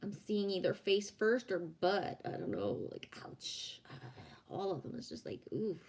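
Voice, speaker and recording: A woman from Quebec, French her first language, hosts a relaxed livestream. She chats in a rambling, easygoing way, reads out viewer comments and laughs often, her voice sitting at an ordinary middle pitch. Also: measured pace, husky. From Quebec, Canada. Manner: chatty and rambling, frequent laughter and restarts. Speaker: livestream host. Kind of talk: casual livestream chat, reading out viewer comments.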